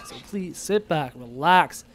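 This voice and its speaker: A man's voice: on the high side, lively intonation, unhurried, a little hiss or hum. A young man live-streaming a game, casually reading chat messages aloud and answering them playfully. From Irish descent.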